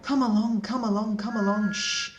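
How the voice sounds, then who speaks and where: A man's voice: high-pitched, animated, a little slow, dull audio, music in the background, pitched above the performer's own voice. A man voicing a cheeky, boastful little male tank engine in a storybook reading. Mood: urgent.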